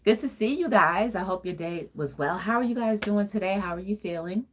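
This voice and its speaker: A woman's voice: mid-range voice, lively intonation, fairly quick, a little hiss or hum. A woman hosting a casual livestream talk show, chatty and encouraging, with sing-song greetings and easy laughter.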